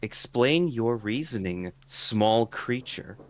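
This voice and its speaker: A man's voice: mid-range voice, animated, takes it slowly. A man voicing a stern, threatening warrior character who speaks in a menacing way.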